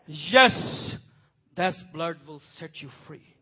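A man preaching a sermon with passion, swinging from soft, quiet passages to loud, pleading cries. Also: sits high, animated, takes it slowly, long pauses. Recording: dull lo-fi audio.

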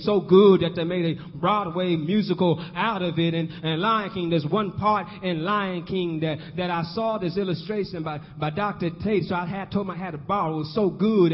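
A man with a high voice preaches with a rolling rhythm, repeating himself and climbing to shouts. The sound is dull and lo-fi, carried by a long church-hall reverb. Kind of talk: call-and-response sermon.

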